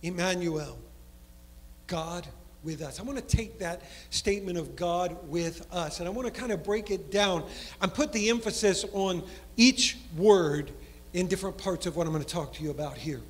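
A man preaching a sermon as pastor, dropping low and soft for emphasis before picking up speed again. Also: moderate pace. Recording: long hall reverb in a church.

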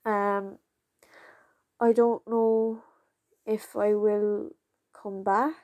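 A young woman talking casually to her channel's viewers, rambling and halting with many fillers, close to tears. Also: medium pitch, little pitch movement, warm tone, dry recording. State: fighting back tears. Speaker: channel creator. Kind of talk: casual vlog talk to viewers.

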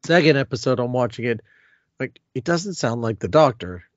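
Steady mid-pitched man, dry and muffled. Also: moderate pace, dry recording. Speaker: podcast co-host. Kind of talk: casual review chat.

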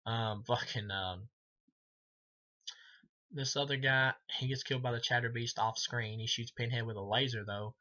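A man rambles through a movie review, swearing freely and leaning on fillers as he goes. His voice sits at an average pitch with a bright, edgy tone. The recording sounds dull and lo-fi. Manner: rambling, heavy swearing, frequent fillers, laughs at his own jokes. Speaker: film reviewer. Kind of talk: casual profane movie review.

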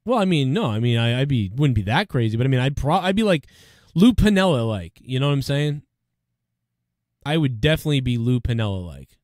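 A man's voice: mid-range voice, brisk, dry recording, studio quality. A man with a Boston accent hosting a casual podcast chat, rambling and swearing freely. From Boston area, USA. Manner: profane, rambling, excitable. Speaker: show host.

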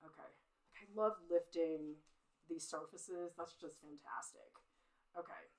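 A woman's voice: on the low side, very animated, normal speed, fairly bright tone, rough recording. Chatty self-critical woman art teacher. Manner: self-critical, chatty, laughs at her own mistakes. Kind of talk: live-streamed drawing demo.

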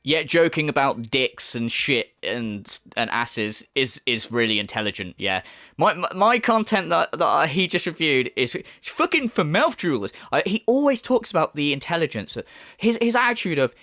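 A man rants in a sarcastic, swearing commentary, his high voice swinging wildly up and down. The sound is close and dry, with no room around it. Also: very animated, moderate pace, pushed and bright, no echo. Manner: sarcastic, profane, mocking. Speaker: YouTube commentator. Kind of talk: ranting commentary.

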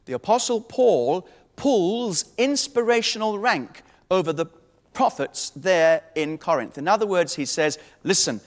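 A man's voice: sits high, expressive, measured pace, in a large hall. A man preaching a sermon, teaching with emphatic authority and quoting scripture.

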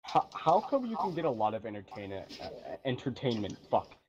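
A man's voice: mid-range voice, very animated, a little fast, a little mellow, dull audio. A young man in casual gaming voice chat, incredulous and swearing, with theatrical outbursts. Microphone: gaming headset.

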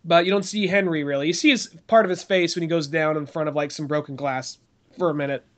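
A slightly high-voiced man on a casual movie podcast. He talks loosely and swears freely, often jumping into quick impressions of characters while retelling scenes. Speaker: podcast co-host.

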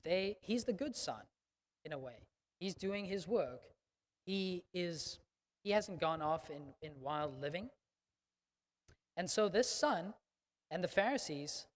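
This pastor's voice is high and expressive, and he moves at a measured pace with frequent pauses. Preaching emphatically yet conversationally, he often asks the congregation "okay?" while the sanctuary's long reverb trails his words.

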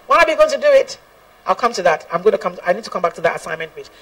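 A woman's voice: medium pitch, very animated, rapid-fire, fairly bright tone, far from the mic, rough recording. A woman gospel singer giving an earnest personal testimony, laughing often and quoting scripture.

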